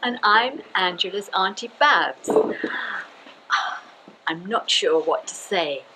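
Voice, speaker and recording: An amateur actress playing the bride's nervous, chatty aunt. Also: female voice, mid-range voice, expressive, slow, very noisy. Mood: flustered. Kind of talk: amateur stage acting.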